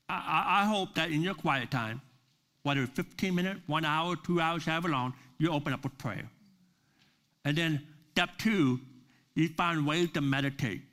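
An earnest pastor delivers a sermon at a church service. His voice sits a little high for a man, and he leans hard on key words as he builds his points. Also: fairly bright tone.

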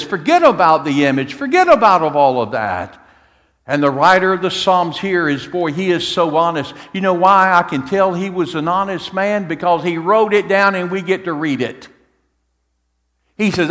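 A man's voice: sits high, moderate pace. Man preaching in a church hall. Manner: animated preaching, swinging from soft to loud; repeats words and restarts, asks the congregation "amen?". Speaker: pastor. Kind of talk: sermon. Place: church sanctuary.

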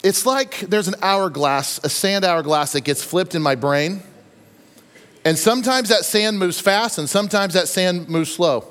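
Casting note: male pastor, high voice, lively storyteller, echoing church hall. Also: measured pace, clean tone. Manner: animated storytelling, acts out quotes. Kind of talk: sermon. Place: church sanctuary. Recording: long reverb of a church hall.

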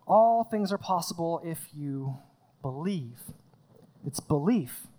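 A man's voice: a little high, expressive, takes it slowly, warm tone. A man preaching a sermon from a stage in a conversational way, acting out scenes and often repeating his words. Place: stage in front of a congregation.

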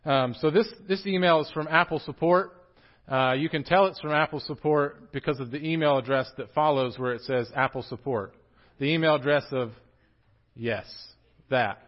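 His voice is fairly high and his speed normal, though the audio sounds dull. The young man delivers a light, humorous sermon in a church sanctuary, animated and speaking directly to the people in front of him.

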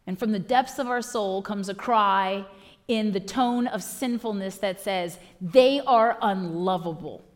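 A woman pastor preaching a sermon with impassioned delivery, swinging from loud declarations to hushed lines. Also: mid-range voice, fairly even intonation, unhurried.

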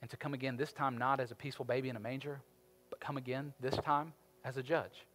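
A man preaching a sermon as pastor, with emphatic delivery that swings from quiet to loud. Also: mid-range voice, little pitch movement, quick pace. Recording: reverberant hall with faint music.

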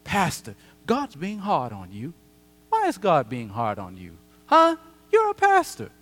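A preacher doing a sly, taunting tempter voice. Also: male voice, a little high, huge pitch swings, fairly bright tone, faint music behind, exaggerated voice. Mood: needling. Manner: taunting, rapid-fire questions. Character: sly tempting inner voice, needling and accusing. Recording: long church hall reverb.

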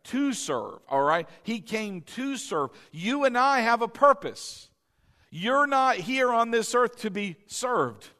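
A man with a high voice preaching a lively sermon. He keeps getting the congregation to say phrases back to him. His delivery is animated and conversational. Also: slow pace. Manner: animated, calls the congregation to repeat after him. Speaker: pastor.

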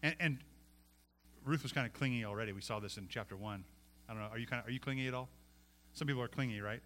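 A man preaching a sermon, pleading and animated, swinging from loud passion to hushed intensity. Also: mid-range voice, quick pace. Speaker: pastor.

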